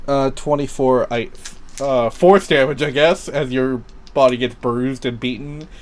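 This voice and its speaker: Slow, casual game master man. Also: mid-range voice. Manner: casual, laughs often and swears freely. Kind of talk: narrating a tabletop game.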